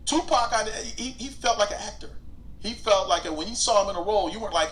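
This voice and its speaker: A man's voice: high voice, quick pace, a little hiss or hum. A man, an actor, talking casually in an interview about acting choices and acting out quotes. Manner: animated, acts out quotes in big voices.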